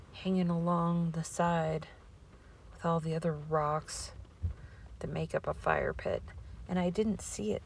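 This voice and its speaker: A woman podcaster unspools a rambling personal story at an unhurried, drawn-out pace. Her voice sits fairly low and carries a gravelly fry, and she often sinks into breathy near-whispers. A faint ambience hums behind her. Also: darkish tone, slight background noise. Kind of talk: casual storytelling monologue.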